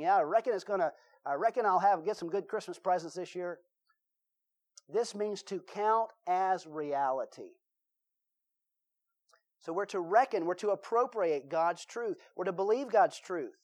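A man with a Southern US accent preaching a sermon, telling folksy stories and acting out the voices in them. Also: high voice. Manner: folksy storytelling, acts out voices in his stories. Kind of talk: sermon with anecdotes.

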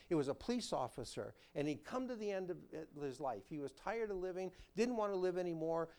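A male pastor delivers a sermon in a slightly high voice. He talks with lively, animated emphasis, rising for key words and dropping low, and poses questions to his listeners before answering them. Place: church sanctuary.

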